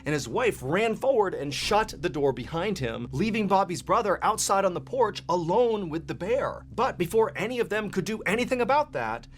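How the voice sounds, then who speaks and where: A man narrates with a slightly high voice, holding back and slowing for the tense parts. A faint hum runs under the recording. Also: very animated. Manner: suspenseful, slows and drops low for tense moments. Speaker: storyteller in a played video. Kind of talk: dramatic scripted narration.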